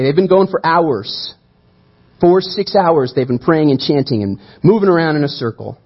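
Husky-voiced man preaching a sermon. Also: fairly high pitch, highs cut off. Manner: animated storytelling, acts out quoted voices. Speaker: pastor.

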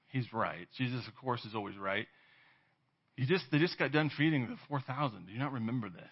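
Man preaching a conversational sermon. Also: mid-range voice. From California. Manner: conversational, tag questions, acts out quoted voices. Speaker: pastor. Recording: dull lo-fi sermon audio.

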